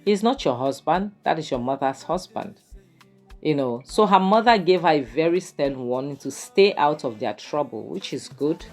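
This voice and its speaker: A woman's voice: low-pitched, expressive, normal speed, a little mellow, faint music behind. Chatty Nigerian woman reviewing a series. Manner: chatty, lots of "you know" and "to her it was more like". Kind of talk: casual video commentary.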